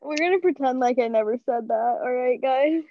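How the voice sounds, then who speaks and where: A woman's voice: sits high, a little fast, slight background noise. A young woman co-hosting a podcast, chatting casually and rambling with lots of fillers and self-mocking asides. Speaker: podcast co-host. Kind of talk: casual chat. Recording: muffled lo-fi podcast audio.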